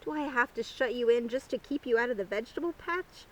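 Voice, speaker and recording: A woman reading a storybook puts on a fussy old gardener who frets and scolds over his ruined vegetable patch. The voice sits high and jumps around a lot. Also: expressive, fast, close to an everyday voice, low-quality recording. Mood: flustered.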